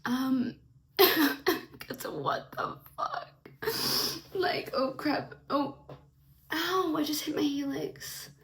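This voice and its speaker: A young woman with a high, bright voice tells a story to her camera, tearful and snotty from crying. She rambles with plenty of likes and ums and sounds shaken. Recorded at home on a simple camera mic. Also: very slow, pauses often. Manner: shaken, rambling, many fillers. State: tearful, sniffly. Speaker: vlogger. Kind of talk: emotional storytime vlog.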